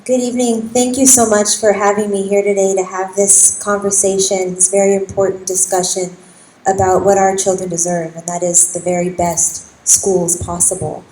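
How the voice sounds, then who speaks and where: A young woman trustee speaks with feeling to a public meeting. Her voice is mellow and soft-edged. It rings through an echoey hall over a faint hiss. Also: mid-range voice, little pitch movement, moderate pace. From East San Jose, California. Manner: emotional, impassioned. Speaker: county school board trustee.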